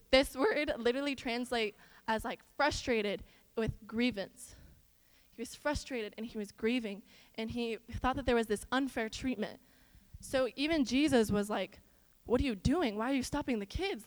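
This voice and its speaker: In an echoing hall with long reverb, a high-voiced woman from Iowa in the US delivers a chatty sermon full of storytelling. She's animated, speaking straight to the audience and slipping in asides.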